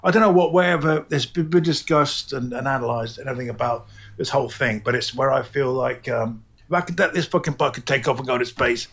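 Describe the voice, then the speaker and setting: A man's voice: mid-range voice, fast, creaky, fairly bright tone. A middle-aged man with an English accent, a comic book artist talking loosely and animatedly in an interview, swearing freely and sometimes mimicking voices. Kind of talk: casual interview chat.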